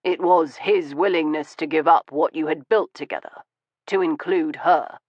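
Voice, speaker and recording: A woman voicing a calm, wry Victorian gentleman who speaks in a steady, conversational, probing way. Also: low voice, normal speed, no echo, lo-fi sound. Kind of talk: audiobook reading.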